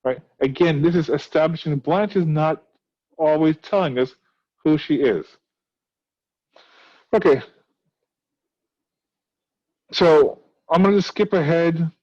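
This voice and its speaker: Teacher asking rhetorical questions. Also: male voice, on the high side, a little slow, pauses often, a little mellow, highs cut off. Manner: explains with many rhetorical questions. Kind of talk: recorded class lesson on a play.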